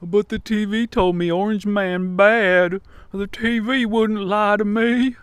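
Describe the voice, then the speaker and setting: A man's voice: sits high, fairly even intonation, slow pace, clear, resonant tone, no room sound, voice pushed up. A man putting on a whiny Southern US accent to mock a gullible man who trusts television. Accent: put-on Southern US.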